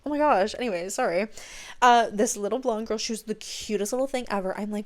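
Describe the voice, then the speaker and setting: Woman, young adult, podcast host, casual chat, gushing, excitable, swears casually, somewhat high-pitched. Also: normal speed.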